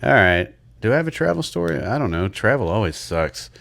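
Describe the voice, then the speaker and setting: A young man with a very low voice co-hosts a casual podcast. He tells a story in a laid-back way, swears freely and laughs at his own punchlines. His voice sounds slightly congested and sniffly. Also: very animated, brisk, vocal fry, a bit bright. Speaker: podcast co-host. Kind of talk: casual chat.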